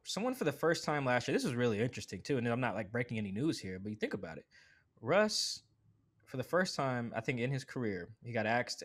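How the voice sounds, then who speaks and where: A man talking as a guest on a sports podcast, in a casual, animated way full of asides and "like" fillers. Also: medium pitch. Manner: animated, quick asides, acts out quoted voices; conversational with frequent "like" fillers.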